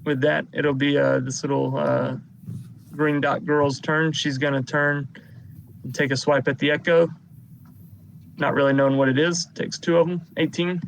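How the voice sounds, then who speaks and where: A man with a gravelly edge to his voice runs a tabletop game as game master. He walks through each combat turn at an unhurried pace, with a faint hiss of noise under him. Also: a little high, little pitch movement, rough recording. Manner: unhurried narration of combat turns.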